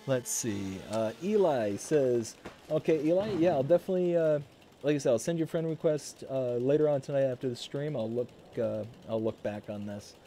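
A man chatting on a live stream in a mellow, relaxed voice with a faint hiss behind him. He rambles casually through fillers and restarts, his pitch sitting in an ordinary middle range. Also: normal speed.

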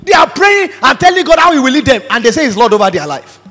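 A man's voice: extremely high pitch, very animated, fast talker, bright, forceful tone. A man preaching a sermon emphatically, acting out the voices he quotes. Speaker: pastor. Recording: reverberant hall.

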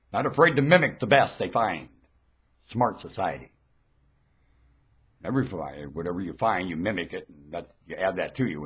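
A man giving a rambling webcam monologue, swinging between low mutters and sudden shouts, recorded on a webcam mic at home. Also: breathy edge.

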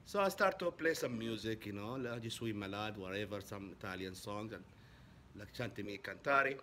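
A vlogger from Saudi Arabia, a native Arabic speaker, tells a casual story in English at normal speed. His voice leaps up in pitch when he gets excited, and there's slight background noise.

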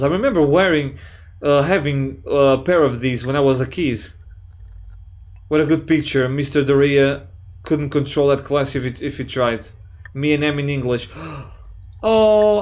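Male gaming YouTuber, slightly high voice, jokey and profane let's play commentary. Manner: excitable, swears a lot, jokey; reads chat messages aloud in playful voices.

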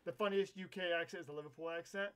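A young American man with a notably high voice, streaming a game live. He rambles and corrects himself as he chats, breaking into excitable outbursts now and then. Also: fast talker, clean tone. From United States. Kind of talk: casual live-stream chat while gaming.

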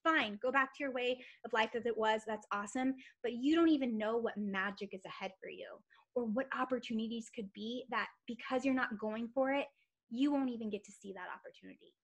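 Woman, higher-pitched voice, energetic motivational speaker, emphatic storyteller, team call. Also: brisk. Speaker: team leader on a training call. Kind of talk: motivational talk. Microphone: call or webinar mic.

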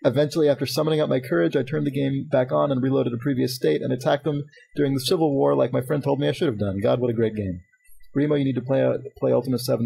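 A man's voice: medium pitch, vocal fry, slightly rough, poor audio. A man hosting a casual podcast, reading listener emails aloud and chatting, laughing often. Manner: fast-talking, animated, laughs often. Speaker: podcast host.

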